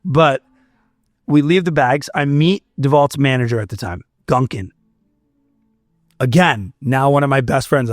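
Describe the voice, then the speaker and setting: A man's voice: mid-range voice, dry recording, studio quality. A young man from Florida, a musician telling a story in casual chat, acting out quotes and swearing now and then. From Fort Myers, Florida. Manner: animated, swears, acts out quotes. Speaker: musician guest.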